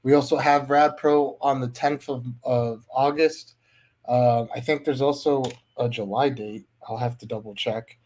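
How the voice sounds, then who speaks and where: A man's voice: mid-range voice, fairly even intonation, unhurried, darkish tone. A man who wrestles, talking casually as a podcast guest and promoting his upcoming shows. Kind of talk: casual chat.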